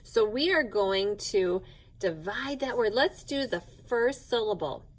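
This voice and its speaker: A woman teaches phonics to young children at a slow, deliberate pace. She speaks clearly and patiently, sounding out each syllable of a word in turn. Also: medium pitch, lively intonation, low-quality recording. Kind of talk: recorded phonics lesson for children.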